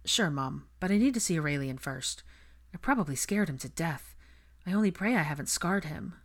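A woman voicing a weakened, apologetic young man in a storybook reading, speaking softly in her own low voice. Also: lively intonation, moderate pace. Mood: weary.

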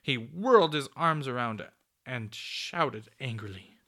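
A man reading a children's story aloud, steady with small slips and restarts. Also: mid-range voice, slow pace. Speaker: narrator.

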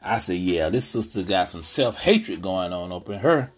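With a deep, expressive voice and a breathy edge, this man hosts a podcast at a moderate pace as faint music plays. He talks casually and indignantly in African American Vernacular English, bluntly commenting and often asking "you know what I'm saying."

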